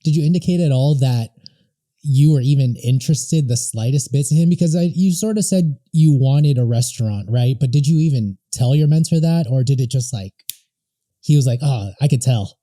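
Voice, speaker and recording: A man's voice: medium pitch, moderate pace, mellow. A man interviewing a guest, asking probing follow-up questions.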